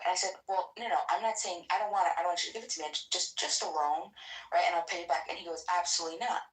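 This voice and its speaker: A woman telling a personal story in a casual chat, animated and full of fillers, often slipping into breathy whispers. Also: on the low side, fast talker, reverberant, distant mic, poor audio. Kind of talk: casual storytelling on social audio.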